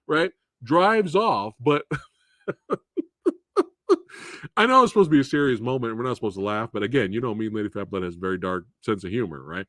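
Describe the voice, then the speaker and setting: A man hosting a casual live film review, animated, profane and laughing often. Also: lowish voice, fairly quick, pauses often, dry recording, studio quality. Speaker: movie reviewer and host.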